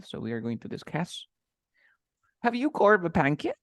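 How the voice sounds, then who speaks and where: A man's voice: on the high side, wildly swooping pitch, a bit bright, no echo. Patient male English teacher, dry sound. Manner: patient, repeats words slowly for pronunciation. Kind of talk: conversational lesson, interview practice.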